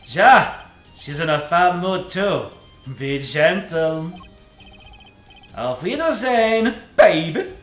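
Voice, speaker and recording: Man doing a smooth German rock-star prosecutor. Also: high-pitched, animated, slow, pauses often, fairly bright tone, roomy sound, soft background music, heavily acted. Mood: breezy. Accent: put-on German. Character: suave young male rock-star prosecutor.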